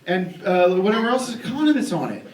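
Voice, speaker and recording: A man doing character stand-up as an indignant ranting loudmouth, with many restarts. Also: sits high, sing-song, brisk. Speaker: stand-up comedian. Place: live comedy venue. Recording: echoey live club recording from far off, crowd laughing.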